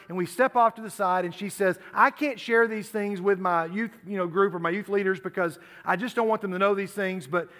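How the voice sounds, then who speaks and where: A man's voice: high voice, pushed and bright. A middle-aged man preaching a sermon to teenagers in an earnest, conversational way, often repeating himself. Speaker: youth pastor. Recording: long hall reverb.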